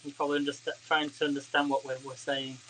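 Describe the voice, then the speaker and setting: A man's voice: medium pitch, completely flat delivery, quick pace, bright, forceful tone, slight background noise, rough recording. A man cooking in a home kitchen and chatting casually to viewers of his live stream as he works. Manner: chatty, talks to viewers as he cooks.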